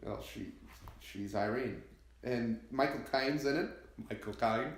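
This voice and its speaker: Male co-host, casual jokey banter, middle pitch, recorded in a roomy space. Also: measured pace, a little hiss or hum. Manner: leads segments, joking banter. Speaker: podcast co-host. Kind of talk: casual chat. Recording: roomy echo.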